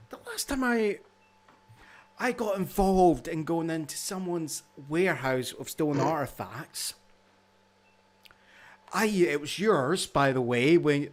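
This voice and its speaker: Lively man questioning at a game table. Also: a little high. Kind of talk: in-character tabletop role-play.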